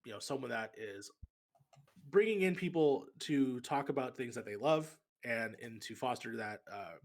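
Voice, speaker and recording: Male guest, gravelly, rambling casual chat. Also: medium pitch, animated, normal speed. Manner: rambling, self-correcting. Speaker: podcast guest.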